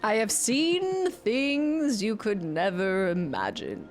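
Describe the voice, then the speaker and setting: A woman voicing a worldly, mysterious traveling merchant while reading game dialogue aloud, drawing each phrase out slowly. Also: mid-range voice, very animated, faint music behind. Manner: slow, drawn-out theatrical delivery.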